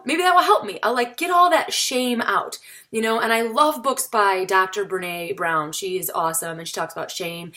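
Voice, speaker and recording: A woman's voice: mid-range voice, fairly bright tone. A woman comedian talking casually to camera, chatty and self-mocking, indoors on a camera mic. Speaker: stand-up comedian vlogging. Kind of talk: casual to-camera vlog talk.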